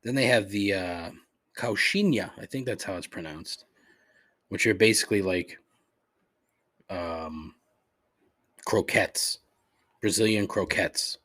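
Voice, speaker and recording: A man's voice: low-pitched, slow, pauses often, fairly bright tone. A man hosting a solo podcast, reading off a menu and ranting with plenty of swearing. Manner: profane, exasperated ranting. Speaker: podcast host. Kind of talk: solo comedic complaint podcast.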